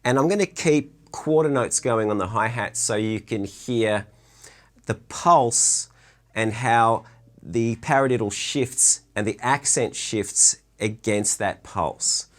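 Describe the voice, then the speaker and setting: A man giving a relaxed, chatty drum lesson from his drum room, counting beats aloud as he explains stickings. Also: fairly low pitch, slow pace. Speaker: drum teacher.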